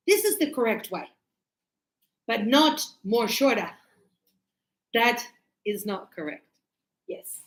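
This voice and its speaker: A woman teaching English in a live class, chatty and animated, acting out little dialogues as she explains. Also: fairly high pitch, slow pace, long pauses, roomy sound, rough recording.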